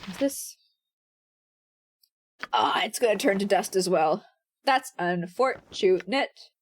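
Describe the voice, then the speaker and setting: A woman's voice: mid-range voice, slow, slight background noise. A woman streamer giving wry, chatty commentary on a game and reading item text aloud.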